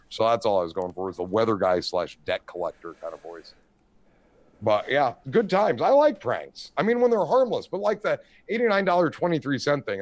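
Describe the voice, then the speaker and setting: Lively, swearing middle-aged male storyteller. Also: on the low side. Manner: animated storyteller, swearing, lots of "you know what I mean". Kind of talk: casual chat.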